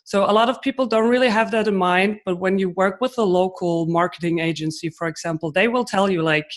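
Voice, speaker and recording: A woman's voice: medium pitch, fairly quick, hardly any pauses. Woman explaining with examples. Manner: explains with examples, frequent fillers. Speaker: guest expert. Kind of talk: podcast interview answers.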